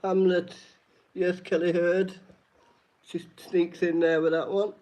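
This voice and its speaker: A man's voice: sits high, level tone, slow, a little mellow. A man hosting a live-stream trivia night, reading each question twice and greeting chat viewers by name. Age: adult. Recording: dull lo-fi stream audio.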